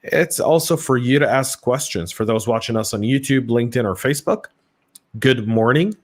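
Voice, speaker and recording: A man's voice: mid-range voice, moderate pace. A man with a Southern US accent co-hosting a live podcast, chatty and casual, often stammering on restarts. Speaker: podcast co-host.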